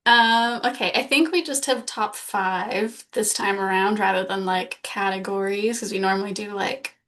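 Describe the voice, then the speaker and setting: Woman podcast cohost, chatty, lots of likes and little laughs, normal mid pitch. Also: normal speed, a bit bright. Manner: chatty, many "like" fillers, laughs often. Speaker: podcast co-host. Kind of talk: casual chat.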